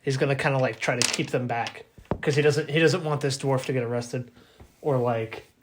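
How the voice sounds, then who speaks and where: A man's voice: medium pitch, steady tone, normal speed. Male player, casual, mid voice, lots of fillers. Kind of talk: tabletop role-play.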